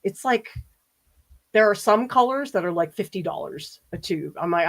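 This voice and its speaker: A woman's voice: on the low side, lively intonation, normal speed, gravelly. A woman art professor from the US East Coast, chatting casually with viewers during a livestream painting demo and often laughing as she reads their comments aloud.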